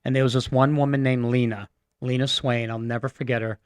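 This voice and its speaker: Radio guest, man, from Massachusetts, earnest and halting storyteller, dry studio sound. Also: mid-range voice, little pitch movement, no echo. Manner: earnest, halting, many fillers. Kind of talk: personal storytelling.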